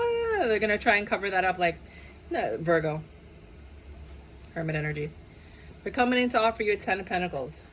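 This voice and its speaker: A woman giving a lively, casual tarot reading, playful and chatty, slipping into quick impressions of the people she describes. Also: mid-range voice, a little hiss or hum, poor audio. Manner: animated, playful, sings and mimics clients' voices. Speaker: tarot reader.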